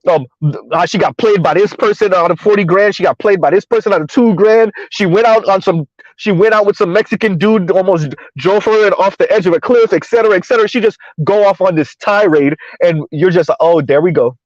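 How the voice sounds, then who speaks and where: A man's voice: sits high, brisk, no room sound, muffled recording. A man hosting a casual commentary show, talking in a blunt, sarcastic, rambling way.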